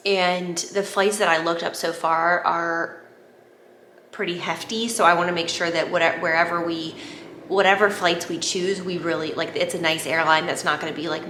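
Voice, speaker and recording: A woman, chatting to camera in a gushing vlog, repeating herself when excited. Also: lowish voice. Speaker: vlogger. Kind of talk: casual chat to camera. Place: home at night. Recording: echoey room, faint background noise.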